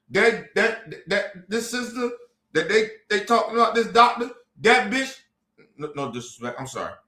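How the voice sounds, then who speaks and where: Heard with reverb, this very high, pushed, bright male voice belongs to a US man ranting on a stream. He's profane, fiery, and emphatic, lecturing the people listening.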